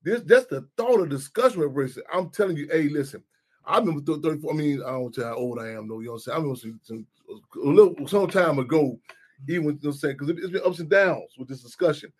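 A man's voice: a little high, quick pace, darkish tone, breathy edge. A middle-aged man hosting a talk radio show, rambling and repeating himself, often asking "you know what I'm saying". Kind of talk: casual talk radio discussion.

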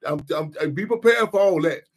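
Fast-talking husky male radio host. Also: sits high. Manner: rambling, repeats himself, says "you know what I'm saying". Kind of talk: casual talk radio discussion.

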